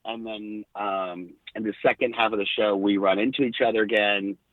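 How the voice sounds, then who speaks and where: A middle-aged man, a podcast guest, telling lively backstage stories with quoted dialogue. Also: lowish voice, normal speed, dry recording. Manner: animated anecdotes with quoted dialogue. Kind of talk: casual storytelling. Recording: tinny phone-like line.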